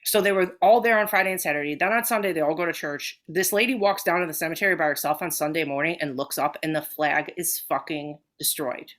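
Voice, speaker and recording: Fast-talking woman telling a wild story. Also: fairly low pitch. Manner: animated, swearing often, acting out quoted people. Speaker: podcast co-host. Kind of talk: casual storytelling chat.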